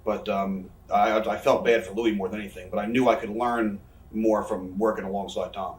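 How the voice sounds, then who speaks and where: A man's voice: fairly low pitch, fairly even intonation, moderate pace, recorded from a distance. A man, telling rambling, profane backstage stories in a casual interview. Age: 30s. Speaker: interview guest, wrestler. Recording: echoey room, off-mic.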